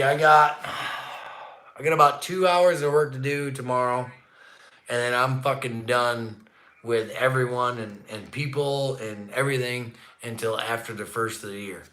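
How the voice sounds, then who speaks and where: A man's voice: mid-range voice, normal speed. Profane ranting man on a livestream. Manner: profane, swings between grumbling and shouting. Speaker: livestream host. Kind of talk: ranting casual livestream chat. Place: indoor room at home, not the barn. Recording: echoey room.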